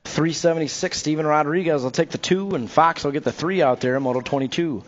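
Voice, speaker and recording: A man calls BMX races live from a tower at an outdoor track, energetic and full of playful nicknames for the riders. His voice sits high. The recording sounds a little dull and muffled. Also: quick pace. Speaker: BMX race track announcer. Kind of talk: live race commentary.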